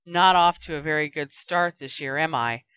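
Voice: mid-range voice, normal speed, bright, forceful tone, clean tone, no echo, close to an everyday voice. A reader doing a weak, weary teenage boy. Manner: weak, mumbling.

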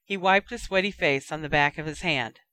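A narrator reads a story in a steady, even way. The voice is bright and smooth, and the recording is close and dry with no room sound. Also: medium pitch, normal speed, no room sound. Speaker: audiobook narrator. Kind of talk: reading fan fiction aloud.

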